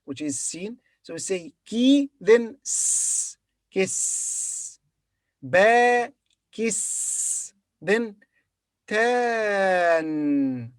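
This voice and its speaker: A man's voice: high voice, lively intonation, very slow, no echo, studio quality. A man teaching Arabic to beginners, patiently sounding out each word and repeating it for his learners. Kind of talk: beginner language lesson.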